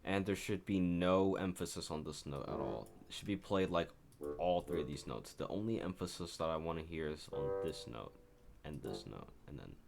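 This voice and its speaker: A man's voice: low voice, animated, moderate pace, vocal fry, a little mellow, soft background music. A man casually talks through his own composition as he works on it, rambling and correcting himself as he goes. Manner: rambling, self-correcting, talks while working. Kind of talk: casual screen-share commentary.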